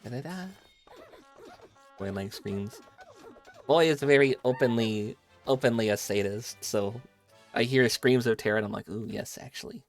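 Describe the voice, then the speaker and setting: A man's voice: medium pitch, normal speed, soft background music. A young man streaming a game, chatting playfully with his viewers as he plays, on a headset mic. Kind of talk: casual live game-stream chat with viewers.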